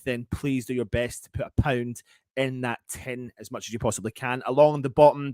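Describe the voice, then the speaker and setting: A man's voice: medium pitch, dry recording, studio quality. A man introducing a fan channel's live stream, enthusiastic, with frequent repeats and restarts. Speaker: channel host introducing the show.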